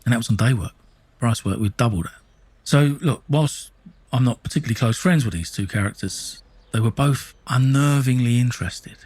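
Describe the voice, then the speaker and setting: A man's voice: medium pitch, moderate pace, a little mellow, slightly rough, dry recording. A middle-aged man with an Essex accent, telling his own story in blunt, sweary casual speech full of restarts. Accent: Essex English. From England. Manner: blunt, sweary, with many restarts and "you know what I mean". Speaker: storyteller recounting his life.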